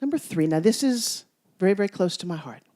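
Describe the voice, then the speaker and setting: A woman giving a motivational speech to a live audience, telling stories with playful teasing and swinging between loud bursts and hushed asides. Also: mid-range voice, animated, a little fast. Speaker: motivational speaker.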